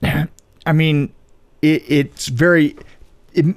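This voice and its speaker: A man co-hosting a podcast in casual chat, talking haltingly with many fillers and restarts. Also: on the high side, steady tone, no echo. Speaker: podcast co-host.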